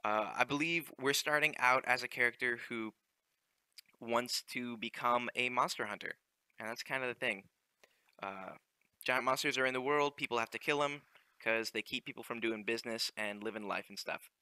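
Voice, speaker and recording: A man's voice: medium pitch, moderate pace, sharp tone, smooth, dry recording. A young man hosting a let's play, commenting casually on the game with joking asides and frequent ums.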